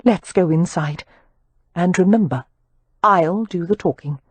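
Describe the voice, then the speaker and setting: A woman's voice: lowish voice, measured pace, slightly rough, no echo. A woman voicing a determined young woman who speaks bluntly with dry, strained humour. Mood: wry.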